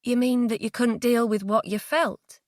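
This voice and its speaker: A woman reading the lines of a frightened young woman who stays tense and tries to talk gently. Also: a little high, normal speed, no room sound, clean studio sound, natural voice. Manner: tense, pleading, trying to stay calm.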